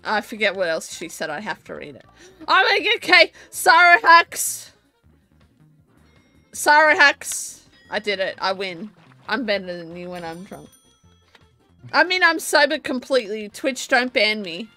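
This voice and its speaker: A drunk woman streaming from home, talking loudly, rambling and giggling at a desk mic. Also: mid-range voice, big pitch swings, unhurried, no room sound, faint music behind. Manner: loud, rambling, laughing. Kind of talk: casual live-stream chat. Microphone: desk microphone.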